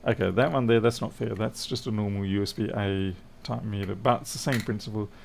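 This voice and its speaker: A man's voice: lowish voice, fairly even intonation, a little fast, vocal fry, a little hiss or hum. A middle-aged Australian man with an Australian accent, chatting casually and self-deprecatingly on a repair livestream. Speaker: electronics repair streamer. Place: indoor workshop.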